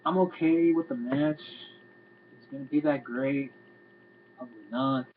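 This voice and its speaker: A man's voice: mid-range voice, measured pace. A man giving a casual, rambling video review, sounding exasperated and swearing freely. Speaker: wrestling reviewer. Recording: tinny lo-fi home recording with faint hum.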